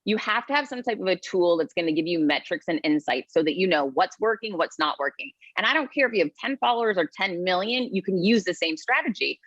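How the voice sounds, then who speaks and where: A woman guest speaker talking in an energetic, emphatic, upbeat way in a podcast interview. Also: on the low side, quick pace, hardly any pauses, no room sound. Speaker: guest, keynote speaker and author. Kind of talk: podcast interview, motivational storytelling. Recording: dull dry sound.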